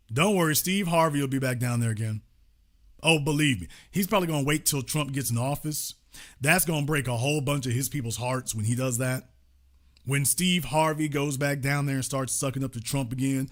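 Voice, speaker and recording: A man's voice: medium pitch, fairly even intonation, brisk. A man hosting a show who delivers a political commentary monologue in an emphatic, repetitive, preaching manner. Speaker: host.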